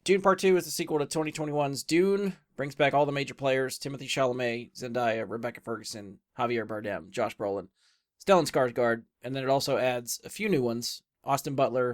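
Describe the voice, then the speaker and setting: A man's voice: medium pitch, brisk, no room sound, clean studio sound. A man hosting a casual movie review podcast, laughing easily and leading the talk. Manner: laughs often, relaxed hosting. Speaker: podcast host.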